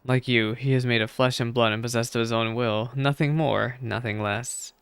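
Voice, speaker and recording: A man voicing a serene, wise male deity, reading game dialogue aloud in a soft, measured, solemn way. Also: medium pitch, steady tone, clear, resonant tone, dry recording, close to an everyday voice. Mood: calm, consoling.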